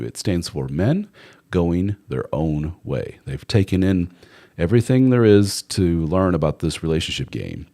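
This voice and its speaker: A man with a very deep voice hosts a live advice stream in a loose conversational way. His intonation swings widely as he talks, and he is blunt and candid, with the odd swear word. He slips into mock voices for the people he quotes. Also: animated, moderate pace, warm tone.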